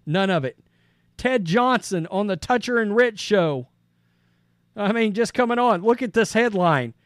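A man with a high voice hosts a sports podcast and speaks bluntly and casually. He reads out quotes, then jumps in with his own opinion. The recording is dry and close, with no room sound. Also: expressive, a little slow, dry recording.

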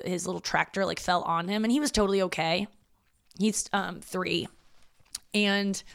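Young woman, solo podcast host, loose rambling delivery, casual swearing, mid-range pitch. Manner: chatty, rambling, swears freely.

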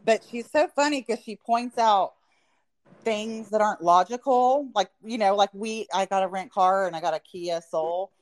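A woman's voice: medium pitch, normal speed. A woman co-hosting a podcast, chatting casually and rambling with lots of fillers. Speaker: podcast co-host.

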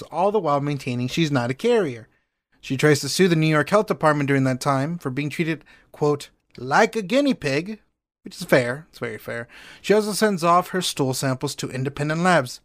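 A man's voice: fairly high pitch, big pitch swings, a little fast, no room sound, clean studio sound. A man co-hosting a comedic chat, jokey, profane and playful as he tells a story. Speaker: podcast co-host.

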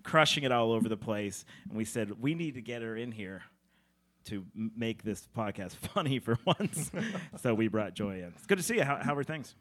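A man's voice: on the low side, animated, a bit bright. Jokey man hosting a comedy podcast. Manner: jokey, self-deprecating, quick asides. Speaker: podcast host. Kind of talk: casual comedy podcast chat. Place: radio studio.

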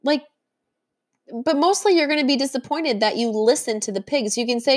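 A woman's voice: sits high, moderate pace. A woman talks straight to the listener as a diet coach, earnest and encouraging but firm. She teaches in a motivational monologue and briefly acts out the voices she describes along the way.

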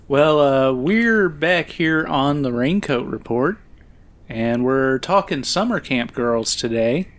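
A man co-hosts a loose movie podcast and walks through the plot in a light, fairly high voice. He laughs easily and fills his pauses with "uh" as he goes. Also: animated. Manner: laughs often, recaps plot with fillers. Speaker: podcast co-host. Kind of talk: casual film-review chat.

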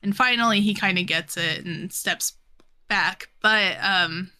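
A young woman with a bright, clear tone chats loosely as a podcast co-host. She rambles through a manga recap with plenty of fillers and little giggles. Her pitch stays in an ordinary middle range. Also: measured pace. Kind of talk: casual chat recapping a manga.

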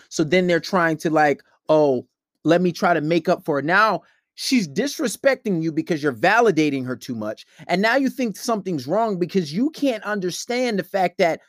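A man's voice: sits high, dry recording, studio quality. A man giving blunt, profane dating advice in a casual monologue, acting out quoted dialogue between couples.

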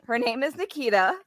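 A woman's voice: fairly high pitch, no echo. A woman co-hosting a casual chat, upbeat and laughing between lines. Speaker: podcast co-host.

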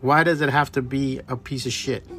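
A man's voice: medium pitch, normal speed, faint music behind. A middle-aged man hosting a podcast alone, telling stories in a heated, profane rant. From Miami area. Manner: profane, heated, animated storytelling. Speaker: podcast host. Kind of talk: casual solo rant.

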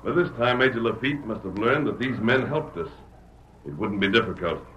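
An actor playing a calm, firm frontier hero who gives steady orders. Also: male voice, fairly low pitch, moderate pace, lo-fi sound. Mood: resolute. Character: masked frontier hero, man, calm leader. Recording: echoey old radio broadcast, faint hiss.

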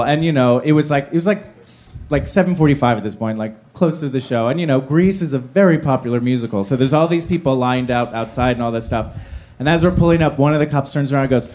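A man from New Jersey telling a personal story live, self-deprecating and halting with many fillers. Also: fairly high pitch, darkish tone.

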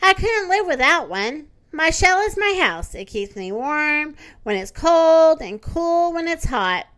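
A contented female turtle from a storybook, cheerful and matter-of-fact, as a woman reads her part aloud. The voice sits high and sounds bright and lively. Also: a little slow, exaggerated voice.

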